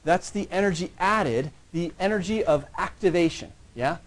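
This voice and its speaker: A man with a somewhat high voice teaches a college science class. He talks casually and keeps checking in with his students. He sometimes drifts away from the microphone as he moves around the room. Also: normal speed. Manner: checks in constantly with "yeah?" and "right?"; conversational, joking with students. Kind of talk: classroom lecture.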